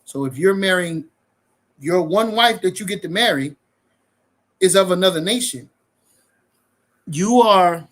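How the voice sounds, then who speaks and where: A man's voice: high-pitched, a bit bright. A man in a bible study group call, teaching casually and reasoning step by step through his own questions.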